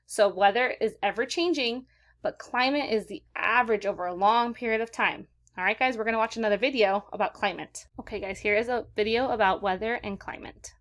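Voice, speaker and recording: A woman teacher giving a recorded vocabulary lesson to children in an upbeat manner, slowing down to stress key words. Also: on the high side, a bit bright. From California. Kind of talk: recorded classroom lesson for kids.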